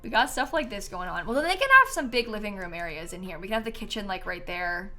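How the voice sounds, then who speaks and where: Female streamer, bright giggly chatter over soft background music. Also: medium pitch, lively intonation, fast. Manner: chatty and giggly, answers chat. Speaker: streamer building in a life-sim game. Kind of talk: casual live-stream chat.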